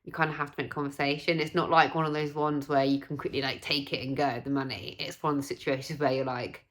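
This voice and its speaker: Young woman vlogger from England, casual storyteller, slightly low voice. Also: fast talker. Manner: chatty, animated, acts out quoted voices.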